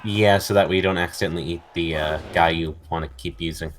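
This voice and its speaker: A man's voice: low-pitched, fairly even intonation, fast talker, a little hiss or hum. A man casually commentating his own video game match, joking dryly and talking to his game pieces. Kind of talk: casual gameplay banter.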